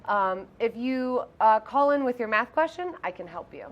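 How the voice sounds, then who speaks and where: A woman's voice: fairly high pitch, lively intonation, normal speed, dull audio. A woman who teaches math, hosting a live call-in homework help show in a friendly way with frequent ums.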